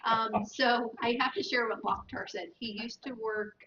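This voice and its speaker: A woman's voice: a little high, fairly even intonation, moderate pace, bright, forceful tone, slight background noise. A woman who set up the tasting, politely reading out viewer comments in casual chat. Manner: polite, apologetic. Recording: distant, slightly dull audio.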